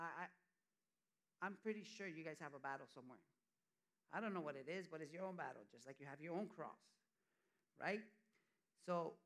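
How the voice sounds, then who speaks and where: A middle-aged church elder preaching a conversational sermon, often acting out what people say. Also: male voice, fairly high pitch, a bit bright.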